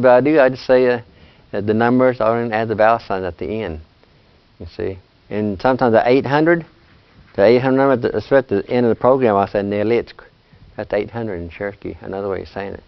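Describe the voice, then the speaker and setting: Older man teaching with patient calm. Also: medium pitch, fast talker, clean tone. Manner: patient, plain-spoken, often ends with "you see". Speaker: Cherokee language teacher. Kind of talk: casual language lesson. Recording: dull lo-fi sound.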